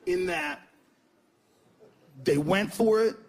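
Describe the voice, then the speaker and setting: Shouting profane stand-up comedian. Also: male voice, very high voice, huge pitch swings, vocal fry. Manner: shouting, profane, rapid punchlines. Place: comedy club stage. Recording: live club crowd laughing.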